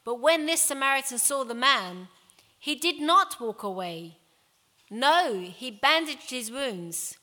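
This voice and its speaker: Brief: woman voicing a gentle male teacher telling a parable, slow and animated, in a church hall. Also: high-pitched, voice pushed up, heavily acted. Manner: gentle, expressive storytelling. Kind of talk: reading a Bible story aloud.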